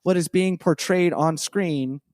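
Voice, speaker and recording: A podcast co-host with a fairly high, slightly mellow voice chats casually at an unhurried pace. He rambles enthusiastically, filling his speech with "you know" and other fillers. The studio-quality recording has no echo.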